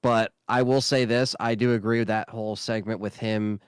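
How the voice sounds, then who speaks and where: A man's voice: lowish voice, fairly even intonation, moderate pace, clear, resonant tone, no room sound, studio quality. A man co-hosting a casual gaming podcast, easygoing and hesitant, often restarting his sentences. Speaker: podcast co-host.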